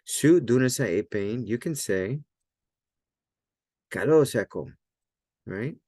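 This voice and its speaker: A man teaching a language lesson in a relaxed, loose way, often checking in with "right?" and filler words. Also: medium pitch, slow, dry recording, clean studio sound. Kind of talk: casual explanatory lesson.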